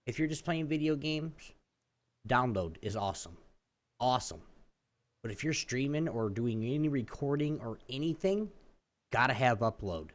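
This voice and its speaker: A man co-hosting a podcast, ranting in casual chat and acting out phone calls with swearing, jumping from loud outbursts to low mutters. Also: normal speed. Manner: animated storytelling, swears, acts out phone calls. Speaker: podcast co-host.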